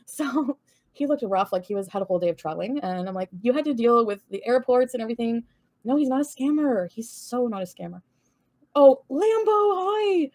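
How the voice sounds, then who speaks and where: A woman's voice: a little high, animated, quick pace, darkish tone. A woman from Canada gossiping on a livestream, chatty and giggly, cursing casually as she rambles.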